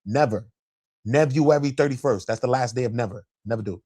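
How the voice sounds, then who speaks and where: A man's voice: fast talker, darkish tone, slightly rough. A man hosting a live stream, reacting in casual slang with a lot of swearing. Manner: slangy and profane, with big swings of pitch.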